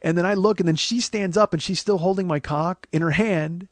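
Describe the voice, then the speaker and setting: A man in his forties, hosting his podcast and telling a raw, profane story that swings from hushed and tearful to loud and laughing. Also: high voice, brisk, no echo. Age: 40s. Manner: profane, rambling with many restarts. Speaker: podcast host. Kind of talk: confessional comic storytelling.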